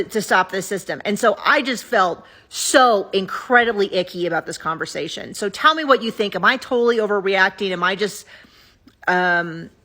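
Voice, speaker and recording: A woman's voice: medium pitch, a bit bright. A woman giving candid, opinionated casual commentary to camera as a vlogger recapping a show.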